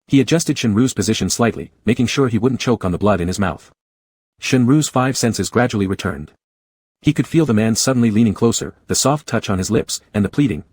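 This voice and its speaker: A man narrating a story in a steady, scripted reading style. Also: fairly low pitch, breathy edge, no room sound. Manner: steady, fast-paced reading.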